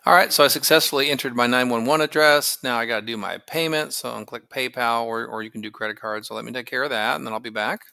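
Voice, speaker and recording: A man's voice: mid-range voice, fairly even intonation, quick pace, vocal fry, few pauses, bright, forceful tone, no echo. A man casually walking through a phone service setup, thinking aloud with fillers as he clicks along. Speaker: tech tutorial host. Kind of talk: casual screen-recording walkthrough.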